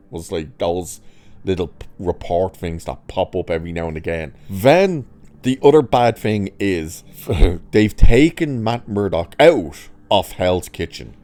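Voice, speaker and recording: A man's voice: low voice, darkish tone. A man talking casually as he reviews a TV show, chatty and exasperated, with lots of filler words. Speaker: TV review host.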